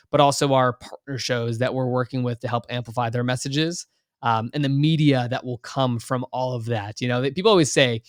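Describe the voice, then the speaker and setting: A man's voice: medium pitch, no echo, clean studio sound. A man in his twenties, a podcast guest talking casually and eagerly at length, with many "like"s and "you know"s. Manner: enthusiastic, long-winded, heavy on "like" and "you know". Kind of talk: casual interview talk.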